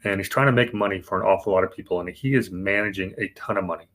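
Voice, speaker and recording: A man's voice: low-pitched, quick pace, a bit bright. A man co-hosting a podcast, explaining banking history casually, with fillers and restarts. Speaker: podcast co-host.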